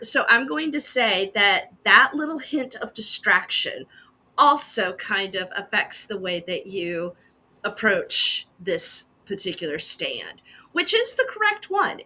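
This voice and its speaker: A woman's voice: mid-range voice, bright, forceful tone. A woman narrating a tabletop game as game master, describing the scene to the players. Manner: descriptive, unhurried, second-person scene-setting.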